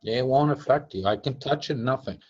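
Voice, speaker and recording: A man's voice: mid-range voice, brisk, husky. A man teaching casually, chatty, laughing often and acting out quotes. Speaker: teacher of a device-building group. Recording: dull lo-fi sound.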